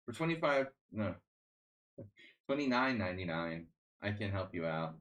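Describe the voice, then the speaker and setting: A man's voice: on the low side, expressive, normal speed, a bit bright. A man streaming chess, chatting casually in a rambling, sardonic way, full of restarts and fillers. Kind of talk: casual live-stream chat.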